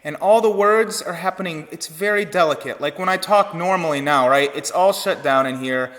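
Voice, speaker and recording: A man giving an online choir lesson, explaining breath and vowel shape in a relaxed teaching manner. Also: a little high, moderate pace, long reverb tail. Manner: relaxed teaching talk with sung demonstrations. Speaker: choir director. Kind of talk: online vocal technique lesson.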